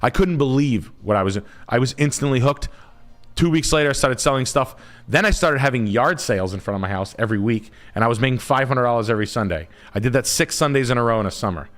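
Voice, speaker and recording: A man's voice: mid-range voice, lively intonation, quick pace, a bit bright. A man, a realtor hosting a live stream, telling a long casual story with lots of swearing and trailing off while he hunts for words. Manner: rambling, profane, trails off searching for words.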